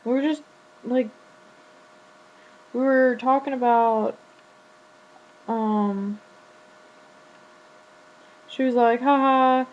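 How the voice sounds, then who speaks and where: Chatty teenage girl, flat lo-fi audio. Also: fairly high pitch, drawn-out words, long pauses. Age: teens. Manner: chatty, retelling a conversation with lots of "like". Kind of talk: casual storytelling vlog. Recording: dull lo-fi webcam audio with faint hum.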